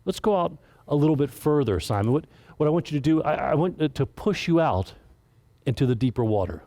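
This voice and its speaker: A man doing a calm, gently commanding Jesus. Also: fairly high pitch, fairly quick, no echo.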